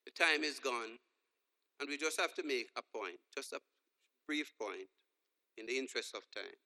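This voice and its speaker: This preacher has a medium-pitched, sharp-toned voice and talks at a normal speed, very expressively. Standing in a church hall where the sound echoes with long reverb, he tells funny stories and acts out the dialogue.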